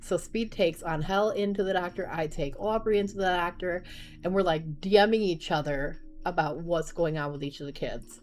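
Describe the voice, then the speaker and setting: A young woman, a mother of small kids, telling a casual storytime vlog in a chatty, animated way and laughing often. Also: fairly low pitch, normal speed, slight background noise.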